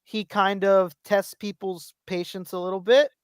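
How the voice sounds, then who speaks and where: Rambling, swearing podcast co-host. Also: male voice, high-pitched, flat delivery, unhurried, smooth, dry recording, studio quality. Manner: rambling, swears a lot, acts out quotes. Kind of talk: casual chat.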